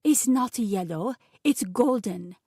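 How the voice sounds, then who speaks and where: A woman's voice: medium pitch, animated, a little mellow, slightly rough, dry recording, clean studio sound. A woman reading aloud, voicing a grumpy male private chef with a thick French accent, speaking curtly. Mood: indignant. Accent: French, put on. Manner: slow, curt, frowning.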